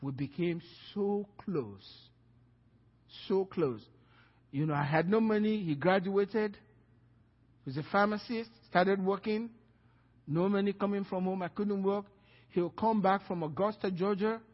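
A husky, fairly high-pitched man preaches a sermon as a pastor, telling a story and acting out each exchange of dialogue. He often repeats himself as he goes. His voice carries a long church-hall reverb on a dull recording. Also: measured pace. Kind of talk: sermon testimony.

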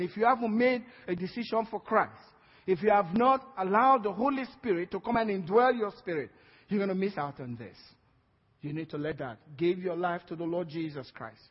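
A man's voice: high voice, slightly rough. A man with a Nigerian accent preaching a sermon, emphatic and calling for amens from the congregation. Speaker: pastor. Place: church hall. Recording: dull lo-fi sound with long hall reverb.

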